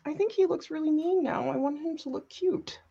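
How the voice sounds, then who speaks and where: A woman in casual chat while painting, animated and giggly, talking about her work. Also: high voice, a little fast, vocal fry, dull audio. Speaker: co-host.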